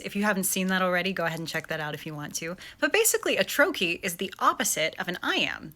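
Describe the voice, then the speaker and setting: A woman's voice: mid-range voice, sharp tone. A young woman giving a playful video lesson on poetry, chanting rhythms as she explains. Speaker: acting coach.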